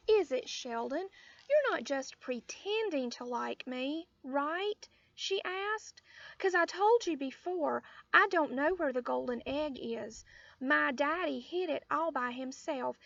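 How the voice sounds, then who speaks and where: A woman voicing a bossy, excitable little rich girl in a storybook reading. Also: takes it slowly, gravelly, no room sound, heavily acted. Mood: pleading. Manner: shrill, showy and excitable. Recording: dull lo-fi audio.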